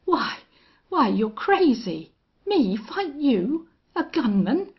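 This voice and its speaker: A woman's voice: mid-range voice, a little slow, vocal fry, husky, highs cut off. A woman reading an audiobook western voices a cowardly, blustering young ranch heir who stammers in panic. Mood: panicked.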